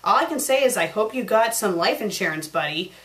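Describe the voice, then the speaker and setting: A woman's voice: medium pitch, expressive, fairly quick, a bit bright, lightly acted. A woman reading out a casual, easygoing male fighter who is a family man.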